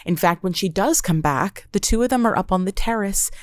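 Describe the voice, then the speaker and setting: A young woman hosting a podcast, recapping reality TV in an animated, profane rant, often slipping into quick imitations of the people she describes. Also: medium pitch, no room sound, studio quality. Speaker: podcast host. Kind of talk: casual reality-TV recap monologue.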